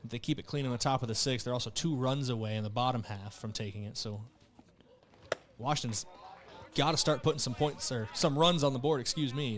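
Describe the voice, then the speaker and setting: A young man announcing a live baseball game from a press box, calling each pitch briskly and correcting himself on the fly. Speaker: play-by-play announcer. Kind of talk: live radio and TV baseball commentary. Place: press box behind a window.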